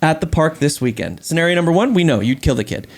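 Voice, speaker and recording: A middle-aged man hosting a podcast, telling a story in casual chat, animated and profane, laughing often. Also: a little high, fast. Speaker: podcast host.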